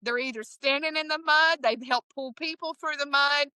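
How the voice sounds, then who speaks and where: Bright-voiced East Texas woman host. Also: high voice, normal speed, no echo, low-quality recording. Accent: East Texas Southern. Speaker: podcast host. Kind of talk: energetic podcast hosting.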